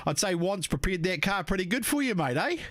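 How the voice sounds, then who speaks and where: A man's voice: sits high, big pitch swings, a little fast, fairly bright tone, dry recording. A man hosting live stockcar race commentary, laid-back and matey, chatting to drivers and viewers. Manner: laid-back, matey, peppers talk with "mate" and "eh". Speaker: race commentator and stream host.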